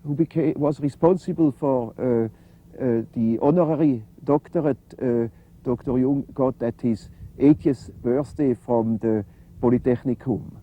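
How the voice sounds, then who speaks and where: An older man, answering interview questions in a halting, reflective way with many fillers. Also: mid-range voice, narrow, tinny audio. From Switzerland. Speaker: interview guest.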